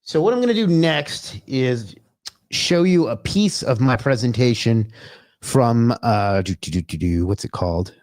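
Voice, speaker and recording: A man hosts a livestream in a loose, rambling chat, greeting viewers by name and cursing under his breath when things go wrong. His voice sits at an ordinary middle pitch. The sound is dry and close, with no room around it. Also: animated, unhurried, a little mellow, no echo. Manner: loose and chatty, swears, talks to himself. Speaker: livestream host.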